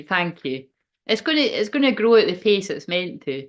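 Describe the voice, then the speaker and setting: A woman's voice: mid-range voice, sing-song, moderate pace. A woman hosting a spiritual channel, chatting casually on a livestream, rambling, swearing freely and breaking off mid-thought.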